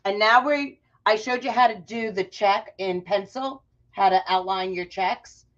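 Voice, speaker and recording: A woman hosts a casual live crafting tutorial, chatting and greeting viewers by name in a medium-pitched voice that runs a little slow. The livestream audio is muffled and lo-fi.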